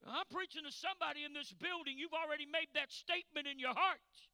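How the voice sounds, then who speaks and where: High-pitched, hoarse, impassioned man preaching. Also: fairly quick, hardly any pauses, no echo. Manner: impassioned, rising to shouts, addressing congregation. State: hoarse, recovering from illness. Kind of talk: sermon.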